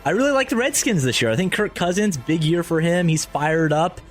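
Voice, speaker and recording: A man's voice: fairly high pitch, lively intonation, fairly quick, soft background music. A man co-hosting a casual sports radio chat, laying out his predictions in an easygoing, matter-of-fact way.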